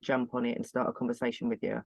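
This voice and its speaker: A man hosting a podcast, asking gentle, probing questions. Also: medium pitch, flat delivery, fast, gravelly, slightly rough, dry recording. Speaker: podcast host.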